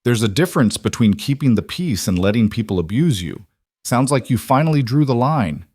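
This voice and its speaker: A man voicing a quiet mountain man who talks in short, clipped sentences. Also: mid-range voice, very animated, fairly quick, husky, dry recording, clean studio sound, pitched above the performer's own voice. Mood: calm. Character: quiet mountain man, steady and plain-spoken.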